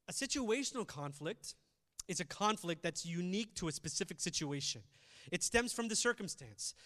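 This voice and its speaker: A male pastor gives a conversational sermon, moving between loud emphasis and quiet, reflective asides. His voice sits high, and a long reverb tail follows it.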